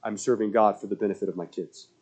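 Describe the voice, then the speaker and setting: A man preaching a sermon as pastor, telling stories and acting out the voices of people he quotes, swinging between loud and hushed. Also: on the low side, fast talker. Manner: animated storyteller, acts out quoted voices, swings loud to soft.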